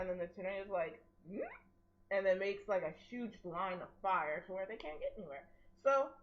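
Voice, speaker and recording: A young woman chatting casually about a film she loves, acting out the characters as she goes. Her voice sits at a middle pitch. The recording is dull and lo-fi. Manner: animated, acts out characters in quotes. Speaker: co-host discussing a film. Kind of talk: casual chat. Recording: dull lo-fi sound.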